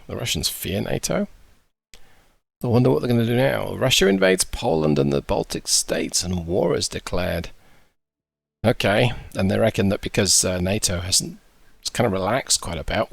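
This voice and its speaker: Deep, gravelly man, dry and sarcastic. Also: expressive, normal speed, dry recording. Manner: dry sarcastic asides while reading briefings. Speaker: gaming YouTuber. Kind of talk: casual gameplay commentary.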